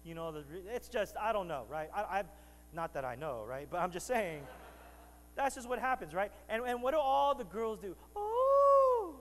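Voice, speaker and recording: A man's voice: high-pitched, expressive, moderate pace, in a large hall, low-quality recording. A man preaching a sermon to his congregation in a church, bantering with them and rising to emphatic preaching. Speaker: pastor. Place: church sanctuary.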